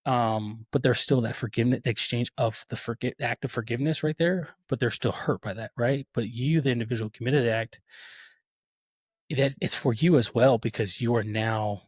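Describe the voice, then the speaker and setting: A man's voice: mid-range voice, moderate pace, slightly rough, no echo. Earnest man telling his story, dry sound. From Texas. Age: 30s. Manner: earnest, reflective, with many restarts and fillers. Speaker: podcast co-host. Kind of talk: personal storytelling on a podcast.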